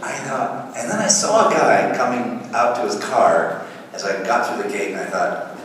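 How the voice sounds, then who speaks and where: A middle-aged man, a guest actor, answering fan questions with lively anecdotes and frequent chuckles. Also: mid-range voice, moderate pace, crowd noise. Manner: lively anecdotal, chuckles often, acts out voices. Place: large convention hall. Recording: echoey hall taped from far off, faint noise.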